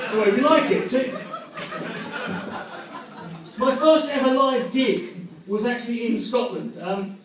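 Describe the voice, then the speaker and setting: An English stand-up comedian with a rather high voice, swearing his way through a conversational, self-mocking set. The mic picks him up from a distance in a very echoey room. Faint ambience sits underneath. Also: heavy background noise. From England. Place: comedy club stage.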